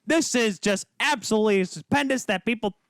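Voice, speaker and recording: A man's voice: high-pitched, a bit bright, clear, resonant tone, no room sound. A man co-hosting a casual sports podcast who rants with heat and fires off rhetorical questions. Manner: heated, emphatic, rapid-fire rhetorical questions. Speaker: podcast co-host.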